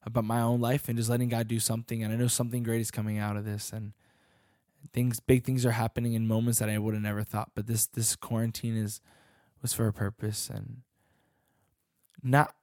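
A man's voice: mid-range voice, flat delivery, a little fast, a little mellow, dry recording. Earnest young man preaching, dry sound. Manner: earnest, searching, with frequent restarts. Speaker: youth pastor and worship leader. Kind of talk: sermon.

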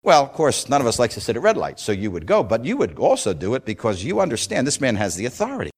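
A man preaching a sermon, retelling scripture with dramatic storytelling that swings between loud declarations and hushed passages. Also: mid-range voice, huge pitch swings, fast, husky.

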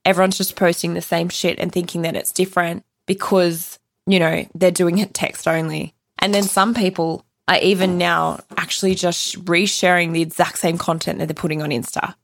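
Blunt gravelly woman. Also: fairly low pitch, little pitch movement, normal speed, few pauses, dry recording. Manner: blunt, opinionated, swears freely. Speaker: podcast host. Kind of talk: solo podcast monologue.

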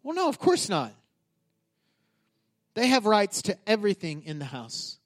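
A man's voice: high-pitched, wildly swooping pitch, unhurried. A middle-aged man, a pastor, preaching a conversational sermon that climbs to emphatic peaks.

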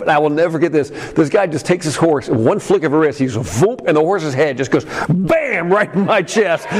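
A man preaching a sermon as a pastor, telling a personal story with many fillers and some shouted peaks. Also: fairly high pitch. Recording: long hall reverb.

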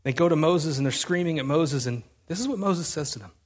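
A man's voice: fairly high pitch, lively intonation, fairly quick, breathy edge. A man preaching a sermon in a conversational, emphatic way, often restarting his phrases.

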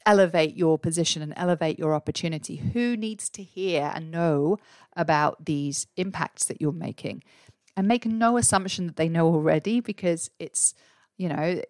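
A woman's voice: lowish voice, dry recording. A woman hosting a podcast and coaching her listeners, earnest and full of rhetorical questions. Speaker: podcast host and career coach. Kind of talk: solo podcast advice talk.

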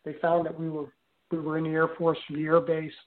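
An older man telling a personal story in an interview, speaking haltingly with frequent restarts and fillers. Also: fairly high pitch, completely flat delivery. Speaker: guest recounting an experience. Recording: tinny phone-line audio.

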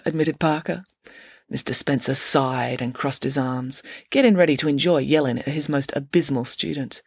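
A woman reading a children's chapter book aloud in an expressive, lively narration. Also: very deep voice, normal speed, husky, dry recording, clean studio sound. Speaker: reader of her own story. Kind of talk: storybook narration.

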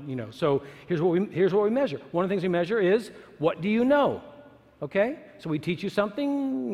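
In a large hall where a long reverb follows every word, a man with a high, ringing voice gives a sermon-like talk at a church or university gathering. He repeats lines for emphasis and asks his audience rhetorical questions.

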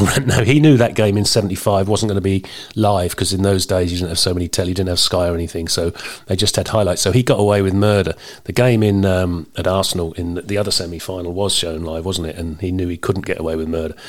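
A man in his fifties hosting a football podcast, chatty and teasing, often chuckling while reading listener messages. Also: deep voice. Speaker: podcast host.

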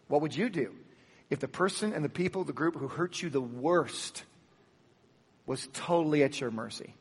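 A man preaching a sermon with animated, emphatic delivery, swinging from loud peaks to soft drops and acting out the dialogue of the story. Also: on the high side, normal speed, pauses often, breathy edge, in a large hall. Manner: acts out the dialogue of the Bible story. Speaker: pastor.

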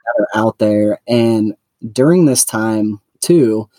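A man with a mellow, dark voice chats casually on a podcast. He is close and dry on the mic, with no room around him. He laughs easily and acts out lines in bits of character voice. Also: on the low side, slow pace, no echo. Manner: chatty, laughs often, acts out quotes. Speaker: podcast co-host. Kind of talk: casual chat.

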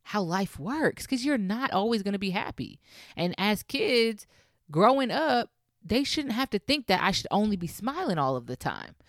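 A woman's voice: mid-range voice, no echo, studio quality. A young woman hosting a solo podcast, talking casually and emphatically as she encourages her listeners. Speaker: podcast host.

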